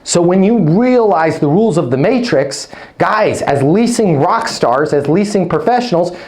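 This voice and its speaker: Running a live online leasing training, a man speaks with punchy energy, checking in with "okay? right?" and firing up listeners with playful nicknames. His voice sits high and moves at a moderate pace.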